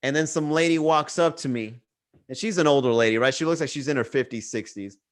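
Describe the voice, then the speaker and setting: A man's voice: fairly high pitch, brisk. Young man, swearing casual podcast host. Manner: loose, swearing, bro-talk storytelling. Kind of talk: casual livestream chat. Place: Miami.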